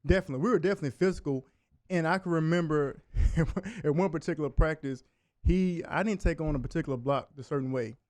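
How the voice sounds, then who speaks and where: A man's voice: a little high, darkish tone, no echo. A man, a former college linebacker, telling stories as a guest on a sports talk show in the studio. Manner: fast storytelling, laughs while telling stories. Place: radio studio.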